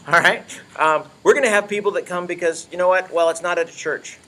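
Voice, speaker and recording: Guy running the kids ministry team, bit high voice, chatty and casual, keeps saying all right. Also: brisk, sharp tone. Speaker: children's ministry leader. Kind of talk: informal talk to church volunteers.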